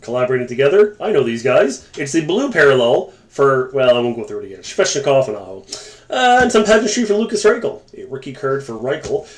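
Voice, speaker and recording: A man's voice: mid-range voice, sing-song, quick pace. A man hosting a live sports card break, calling out cards and joking with viewers in the chat. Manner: chatty, joking asides to viewers. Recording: echoey room with faint noise.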